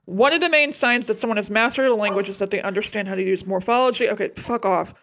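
A woman's voice: mid-range voice, quick pace. A woman co-hosting a casual movie-review chat, talking bluntly with plenty of swearing. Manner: blunt, profane, animated. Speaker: podcast co-host.

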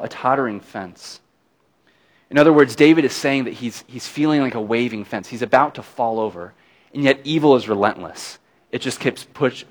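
A middle-aged man preaching a sermon in a conversational, folksy way, with easy laughs between points. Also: mid-range voice. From not from Alabama. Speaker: pastor.

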